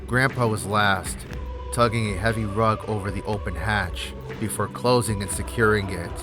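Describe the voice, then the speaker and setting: A man narrating a horror story in a measured, tense storytelling manner. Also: on the low side, fairly even intonation, over music.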